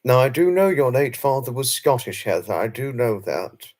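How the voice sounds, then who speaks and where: British male streamer, casual live chat, rambling and self-conscious, average pitch. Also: sing-song, normal speed, a little mellow. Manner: chatty and rambling, with frequent fillers and self-conscious laughs. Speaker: livestream host. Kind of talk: casual live chat reading viewer comments.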